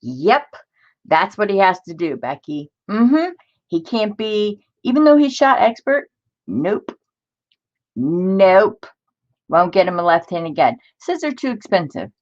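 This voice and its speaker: On her crafting stream, this host chats casually and airs her frustrations, responding to people in the live chat with evident exasperation. She speaks at a normal speed in a sing-song, medium-pitched voice, and the recording is muffled.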